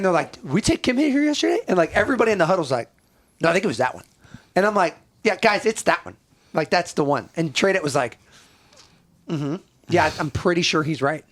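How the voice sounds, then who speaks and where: A man's voice: high-pitched, lively intonation, brisk. Man recounting a mission, cursing casually. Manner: profane, acts out radio and briefing dialogue. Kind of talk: casual war storytelling.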